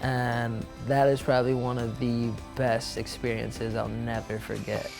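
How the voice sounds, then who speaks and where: A man's voice: medium pitch, little pitch movement, a little slow, creaky, over loud music. Young man telling a story, slangy and loose. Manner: loose slangy talk full of "like", acting out quoted voices. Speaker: snowboarder. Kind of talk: casual storytelling.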